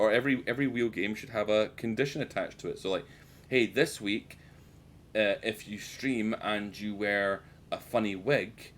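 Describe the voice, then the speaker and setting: A British man with a lowish voice rambles through casual gameplay commentary, tossing out jokes and swearing freely at his viewers. A faint rumble sits under his desk mic. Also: fairly bright tone. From United Kingdom. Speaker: streamer.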